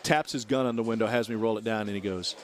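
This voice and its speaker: On talk radio, a guest storyteller from Missouri, in his forties, spins a long anecdote and performs each character with lively voices. He talks quickly in a lowish voice.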